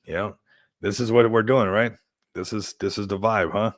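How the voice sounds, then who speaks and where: A man's voice: lowish voice, fairly even intonation, moderate pace, no echo, clean studio sound. A man hosting a crypto livestream, chatting casually in a rambling, upbeat hype style and laughing often.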